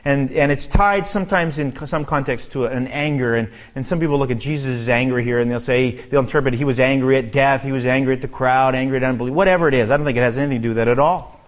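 A man preaching through a scripture passage in a mid-pitched voice. He reads each verse and then talks it over in a loose, conversational way, thinking aloud as he goes. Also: fast, hardly any pauses. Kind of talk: verse-by-verse Bible teaching.

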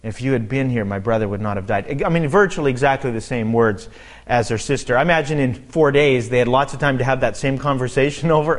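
A man teaching a Bible passage verse by verse, reading the text and then explaining it in a relaxed, conversational way with asides and fillers. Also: mid-range voice, quick pace. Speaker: preacher.

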